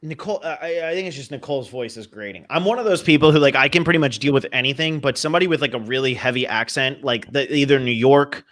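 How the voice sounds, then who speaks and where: Bright-voiced opinionated man from New Jersey. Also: medium pitch. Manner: opinionated, self-deprecating, quick asides. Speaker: podcast host. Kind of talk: casual podcast chat.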